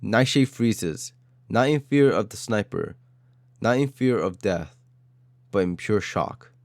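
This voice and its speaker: A man's voice: lowish voice, expressive, slow pace, a little mellow, no echo. A man narrating an audio story in a dramatic style, with short, clipped phrases.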